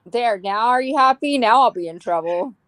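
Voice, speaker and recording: A woman's voice: fairly high pitch, animated, normal speed, fairly bright tone, no echo. A woman co-hosting a casual live-stream chat, reading viewer comments aloud and giggling.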